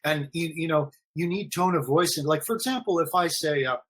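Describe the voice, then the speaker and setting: A man's voice: fairly high pitch, brisk, husky. A man talking casually on a live stream, rambling and repeating himself with many fillers. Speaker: forum admin guest.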